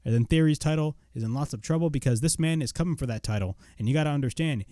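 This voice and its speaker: A young man giving a casual spoken wrestling review, blunt and excitable, swearing freely. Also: fairly high pitch, fast, few pauses, no room sound, clean studio sound.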